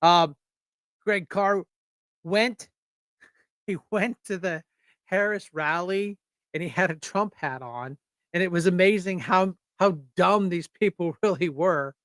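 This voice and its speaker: Host from Erie, Pennsylvania: male, blunt, rambling, slightly high, smooth close-miked voice, very dry sound. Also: takes it slowly, long pauses, a bit bright, no room sound. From United States. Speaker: show host. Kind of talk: casual political livestream talk.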